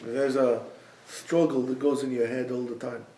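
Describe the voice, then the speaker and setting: A man from Israel, teaching a yeshiva class with animated storytelling and bursts of loud emphasis. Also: medium pitch, normal speed, recorded from a distance. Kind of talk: classroom lecture. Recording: echoey room, speaker away from the mic.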